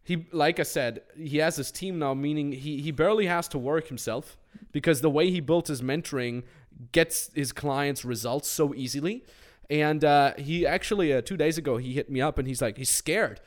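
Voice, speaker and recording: A man with a slightly high voice and a moderate pace hosts a casual podcast as a business coach. He tells stories animatedly, acting out the things other people said.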